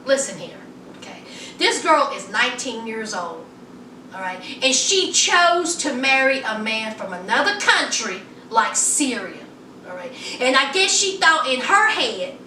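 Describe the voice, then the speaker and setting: A high-pitched woman recaps a reality show in a sassy, animated way. Her voice is bright and cutting. She sounds a little off-mic in an echoey room. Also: far from the mic, slight background noise. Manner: sassy, animated storytelling with playful quoted voices. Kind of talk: casual commentary.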